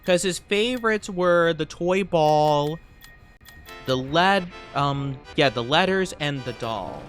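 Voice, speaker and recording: A giggly streamer talks through a game with an even, middling voice. They laugh at their own slip-ups and thank chat as they go. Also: medium pitch, slow, faint music behind. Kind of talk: casual gameplay commentary.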